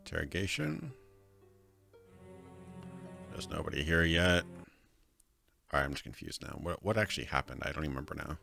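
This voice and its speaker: A man's voice: extremely low pitch, lively intonation, fairly quick, gravelly, long pauses, sharp tone, soft background music. A man livestreaming a video game, thinking aloud and chuckling, sometimes unsure what to do next. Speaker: streamer. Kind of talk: livestream gameplay commentary.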